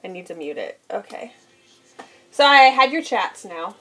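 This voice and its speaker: A woman's voice: mid-range voice, big pitch swings, moderate pace, a bit bright, faint music behind. A woman streaming cosplay work from home, chatting casually with viewers and her pet bird, laughing often. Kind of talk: casual live stream chat.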